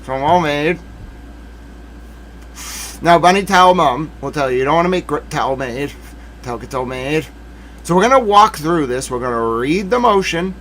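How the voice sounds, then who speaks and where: Animated man ranting on a stream. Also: a little high, a little hiss or hum. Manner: theatrical mock outrage, ranting; talks to himself in asides. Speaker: legal commentary streamer. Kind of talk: livestream commentary.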